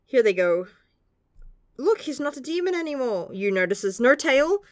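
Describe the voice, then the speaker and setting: A woman's voice: high voice, sing-song, normal speed, no room sound, clean studio sound. A young woman gushing through a casual manga chapter review, laughing often and swearing casually.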